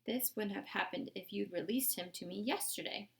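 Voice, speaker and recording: Woman doing a sharp pushy lady lawyer, storybook reading, crackly voice. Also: mid-range voice, moderate pace, gravelly, close to an everyday voice. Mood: forceful. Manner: sharp, threatening legal talk. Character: brash female defense lawyer.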